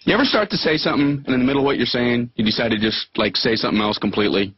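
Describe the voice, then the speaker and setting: A man's voice: mid-range voice, rapid-fire, muffled recording, slight background noise. A man doing a rambling, tongue-tied stand-up bit. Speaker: stand-up comedian. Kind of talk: stand-up monologue.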